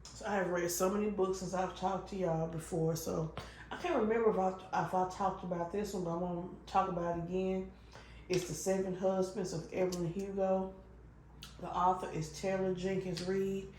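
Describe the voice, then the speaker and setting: A fairly low-voiced woman chats casually and rambles, full of ums and restarts, with an occasional cough. She sounds echoey, as if in a bare room. Faint noise sits behind her. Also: little pitch movement, moderate pace, darkish tone. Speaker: vlogger. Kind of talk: casual chat while crafting.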